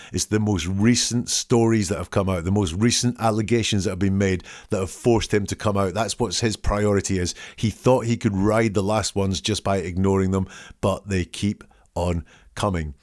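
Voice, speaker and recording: A man's voice: on the low side, steady tone, moderate pace, dry recording, studio quality. A man who hosts a commentary show, reading quoted lines aloud and picking apart their wording in an analytical way. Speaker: host analysing statements. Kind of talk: solo commentary.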